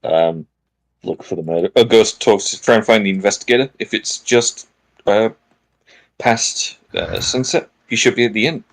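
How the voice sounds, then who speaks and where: A man's voice: on the low side, normal speed, rough recording. A man playing in a tabletop game, chatting casually with dry, joking banter. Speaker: player.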